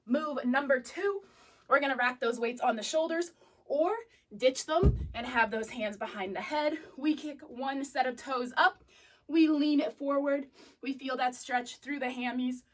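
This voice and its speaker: A young woman instructor cues moves in an upbeat coaching manner while she works out, sniffly and catching her breath. Her voice sits fairly high. She sounds set back from the microphone in a fitness studio. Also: fairly bright tone. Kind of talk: live workout class cueing. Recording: voice distant from the mic.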